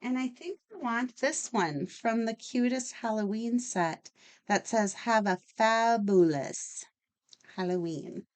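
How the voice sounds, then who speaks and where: A woman's voice: on the high side, lively intonation, measured pace. A woman hosting a casual card-making tutorial, chatty and enthusiastic as she works. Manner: chatty, enthusiastic, talks while working. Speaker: craft channel host.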